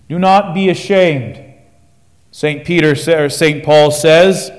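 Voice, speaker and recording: A man's voice: on the high side, slow pace. A man preaching a sermon, building his points through rhetorical questions in a declaiming manner. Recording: long church reverb.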